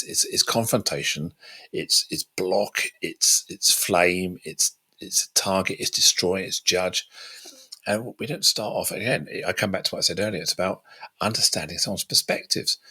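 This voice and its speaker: A man talking in a casual podcast conversation, earnest and animated, often restarting with repeated words. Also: deep voice, husky. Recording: podcast audio.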